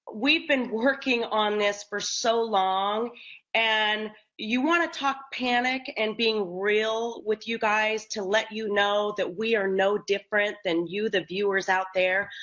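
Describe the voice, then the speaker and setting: A woman's voice: mid-range voice, a bit bright, lo-fi sound. A woman hosting a live social media chat, talking in an emphatic, effusive way. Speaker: host.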